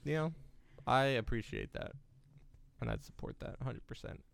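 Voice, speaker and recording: A man's voice: mid-range voice, wildly swooping pitch, normal speed, vocal fry, clean tone. A man co-hosting a casual podcast chat, rambling and hesitant, often trailing off and starting over. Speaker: podcast co-host.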